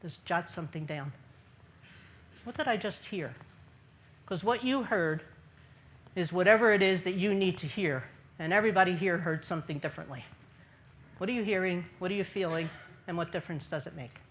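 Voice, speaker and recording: A woman's voice: lowish voice, moderate pace, long pauses. A woman giving an earnest faith talk to a gathered audience in a large room, repeating key phrases and putting questions to her listeners. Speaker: speaker at a church gathering.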